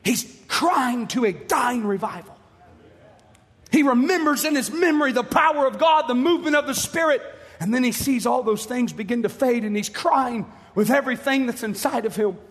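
A man preaching a fiery sermon, impassioned and pleading, rising at times to shouts. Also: very high voice, expressive, normal speed, in a large hall.

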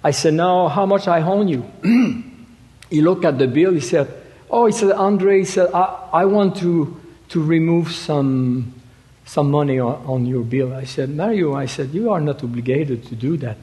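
Male preacher. Halting, stop-start delivery with emphatic peaks. Slightly raised pitch, echoing hall. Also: warm tone. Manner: halting, repeats words, rises to emphatic quoting. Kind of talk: sermon. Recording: reverberant hall.

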